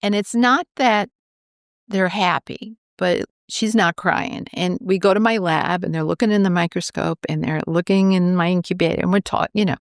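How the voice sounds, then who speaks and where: Gravelly-voiced woman telling a story. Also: on the low side, normal speed, no echo, studio quality. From New York, USA. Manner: animated, acts out quoted dialogue. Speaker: cancer researcher, guest. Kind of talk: storytelling in a podcast interview.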